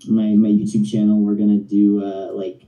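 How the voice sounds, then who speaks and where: A man's voice: on the low side, completely flat delivery, mellow, recorded from a distance. Man on an echoey phone call. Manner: halting, rambling, friendly. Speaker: phone-in guest. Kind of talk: casual chat.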